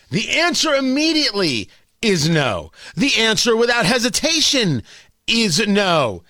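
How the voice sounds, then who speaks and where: A sarcastic male talk radio host with a high, bright, ringing voice. His pitch leaps around as he hammers each point, recorded dry and close in the studio. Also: measured pace, dry recording. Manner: sarcastic, emphatic, animated delivery. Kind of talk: opinionated talk radio monologue. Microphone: studio microphone.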